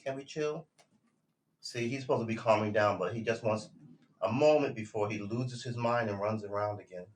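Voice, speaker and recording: A man hosting a casual home livestream, relaxed and chatty, often coaxing his dog in a sing-song voice. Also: lowish voice, brisk, a little hiss or hum. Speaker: livestream host. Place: home room.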